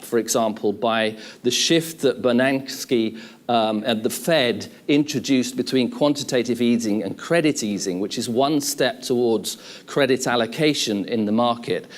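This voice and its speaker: A middle-aged man giving an academic conference talk, lecturing in a measured way with lists and restatements. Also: mid-range voice. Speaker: conference speaker.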